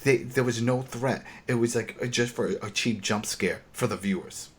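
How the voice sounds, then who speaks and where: A man co-hosting a podcast, retelling a TV episode in a casual, animated and exasperated way, often restarting his sentences. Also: medium pitch, moderate pace, slight background noise. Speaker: podcast co-host.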